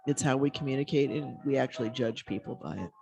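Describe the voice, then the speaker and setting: A man who is a rabbi talks in a relaxed, chatty way on a call-in radio show, laughing easily and often restarting his sentences. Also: mid-range voice, fast, vocal fry, dull audio, faint music behind. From American Midwest. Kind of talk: casual call-in radio chat.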